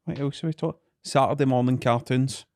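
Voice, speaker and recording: A man's voice: mid-range voice, fairly even intonation, fairly quick, a little mellow, dry recording, clean studio sound. A Scottish man co-hosting a podcast, chatting casually with short reactions and a lot of laughing. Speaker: podcast co-host. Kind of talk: casual chat.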